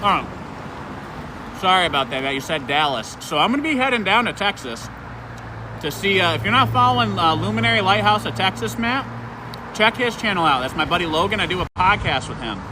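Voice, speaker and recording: A man co-hosts a live stream outdoors and greets his viewers by name in an excitable way. His voice sits fairly high and swings widely in pitch, with clear street noise behind him. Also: fairly quick. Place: outdoors in a town square. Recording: noisy outdoor street sound.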